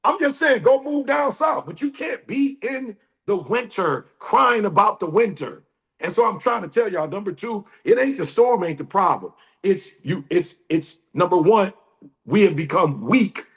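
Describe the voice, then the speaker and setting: A middle-aged man giving a motivational sermon as a guest speaker, emphatic and repetitive, building up to shouts. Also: high voice, lively intonation, normal speed.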